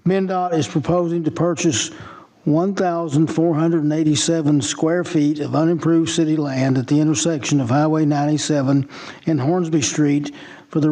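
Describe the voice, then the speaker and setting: A man presenting a formal staff report at a city council meeting, reading figures in a measured way into a desk microphone. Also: a little high, warm tone, poor audio. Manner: measured, reads prepared figures. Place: council chamber.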